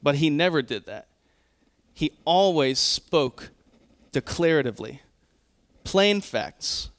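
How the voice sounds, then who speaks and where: A man pastor preaching a sermon, earnest and emphatic, often quoting scripture and pausing to correct himself. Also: a little high, animated, fairly bright tone.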